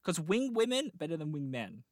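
A woman's voice: sits low, very animated, normal speed, a little mellow, no echo. A woman, co-hosting a casual chat in a dry, self-mocking way. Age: 20s. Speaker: podcast co-host.

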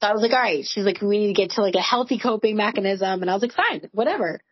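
A woman's voice: medium pitch, expressive, racing, husky, dry recording, highs cut off. A woman in her forties, a podcast co-host, telling candid stories in casual chat, full of "like" and swearing. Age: 40s. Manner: candid, swearing, storytelling with lots of "like".

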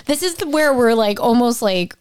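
A woman's voice: a little high, lively intonation, normal speed, darkish tone, smooth. Laid-back woman co-hosting a podcast. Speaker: podcast co-host. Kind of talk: casual chat.

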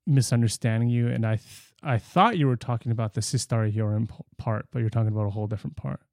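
A man with a mellow, dark voice at a middle pitch, chatting casually about music. He hedges and stumbles over restarts, and the sound is close and dry. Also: quick pace, dry recording. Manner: hedging, stammering restarts. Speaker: podcast co-host. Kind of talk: casual music review chat.

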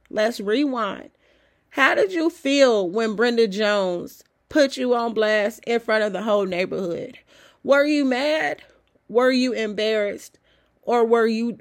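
A host with a cold, sniffling a little, giving a conversational, encouraging motivational talk full of rhetorical questions. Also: medium pitch. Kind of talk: motivational self-help talk.

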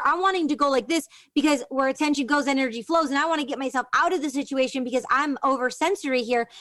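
A podcast host tells a long, rambling personal story during a casual interview, chatty and full of fillers. Her voice is high and a bit bright, recorded with no echo.

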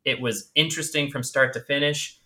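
A man's voice: mid-range voice, fairly even intonation, a little fast, sharp tone. A man co-hosting a casual podcast, chatty and enthusiastic.

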